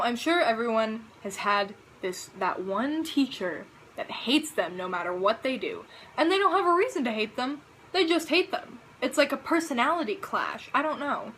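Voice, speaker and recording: High, lively teenage girl vlogging. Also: slight background noise, poor audio. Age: teens. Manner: animated, dramatic, exclamatory. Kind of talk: casual storytelling to camera.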